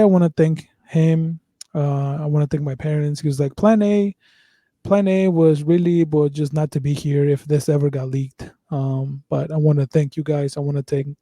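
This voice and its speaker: Man, podcast host, casual chat, rambling, swears a lot, fairly high, very dark tone. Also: no echo. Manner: rambling, profane, full of fillers and restarts.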